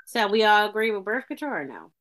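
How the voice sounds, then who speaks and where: A woman's voice: medium pitch, sing-song, fast, fairly bright tone. A woman co-hosting a casual podcast, reading a listener's letter aloud with small stumbles.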